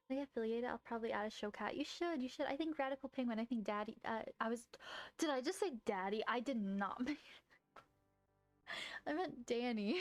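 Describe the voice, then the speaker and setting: A young woman streaming games, chatting casually with her viewers, excitable and quick to swear, gasp and shriek. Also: fairly high pitch. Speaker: game streamer. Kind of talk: casual live-stream chat. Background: faint game music.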